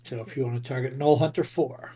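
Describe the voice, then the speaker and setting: Brisk male game master. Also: mid-range voice, steady tone, mellow. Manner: brisk, short rulings and counts. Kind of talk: running a tabletop game.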